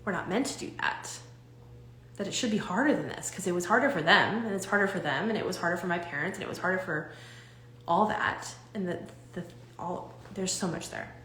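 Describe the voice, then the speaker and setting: A young woman talks straight to her live-stream viewers as a coach. Her delivery is loose and animated, full of restarts and fillers. The room gives her voice a noticeable echo. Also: fairly low pitch, brisk, a little hiss or hum.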